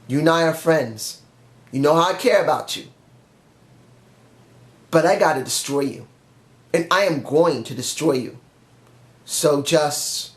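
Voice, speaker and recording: A frustrated male wrestler who pleads earnestly and stumbles over his words, as a man acts him out. His voice is slightly high and close to everyday speech. An echoey room surrounds him. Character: frustrated male wrestler demanding a title shot. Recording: roomy echo.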